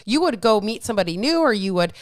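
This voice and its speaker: A woman's voice: medium pitch, sing-song, fast, no room sound, studio quality. A woman hosting a podcast, talking candidly in casual chat, swearing freely and acting out the voices in her head. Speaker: podcast host.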